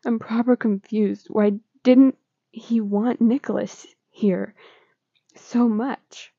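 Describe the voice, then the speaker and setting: A woman reading the lines of a scared, confused teenage boy in a hospital bed, pleading and halting. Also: on the high side, fairly even intonation, gravelly, dark tone, slightly rough, no echo, lo-fi sound, heavily acted.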